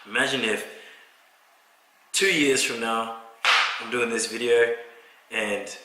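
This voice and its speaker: Young male vlogger, slangy and rambling, recorded in an echoey kitchen with steady background noise. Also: medium pitch, takes it slowly. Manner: slangy, rambling, talks to camera while cooking. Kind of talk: casual cooking vlog. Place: home kitchen.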